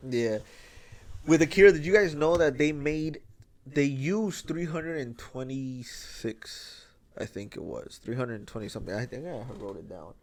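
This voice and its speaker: Man excitedly retelling a scene. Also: medium pitch, unhurried, a little hiss or hum. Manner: excited storytelling, swears freely, acts out quotes. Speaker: podcast host. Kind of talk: casual chat.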